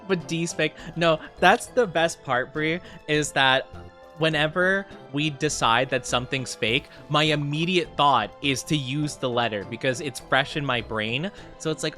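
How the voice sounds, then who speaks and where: A young man streaming a word game in casual chat. He rambles excitedly, laughs often and jokes at his own expense. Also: a little high, measured pace, faint music behind.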